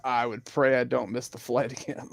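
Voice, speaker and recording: A man's voice: mid-range voice, flat delivery, normal speed, creaky, dry recording. A man co-hosting a casual sports chat, joking and swearing. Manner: laughs often, joking and profane. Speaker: podcast co-host.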